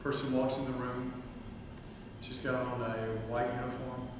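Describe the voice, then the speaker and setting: A man's voice: medium pitch, completely flat delivery, moderate pace. A man giving a humorous, anecdotal church talk, speaking directly to the congregation in a large hall. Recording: echoey hall from far off, background noise.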